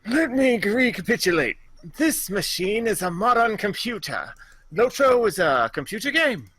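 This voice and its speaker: A man playing an elderly author who is puzzled by a computer game, talking haltingly on a podcast. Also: high voice, very animated, a bit bright, husky, dry recording, exaggerated voice. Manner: halting, bewildered old man voice.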